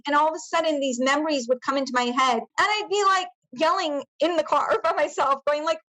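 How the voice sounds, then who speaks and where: A middle-aged woman, a podcast guest, recounting a painful personal memory in a halting way, with many fillers and restarts. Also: high-pitched, fairly bright tone, poor audio. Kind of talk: personal testimony in interview.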